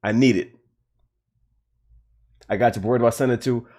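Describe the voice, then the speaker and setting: On his livestream, a man with a mid-range, darkish voice rants casually about a video game at a normal pace. Though his intonation stays fairly even, he's heated and repetitive and swears often.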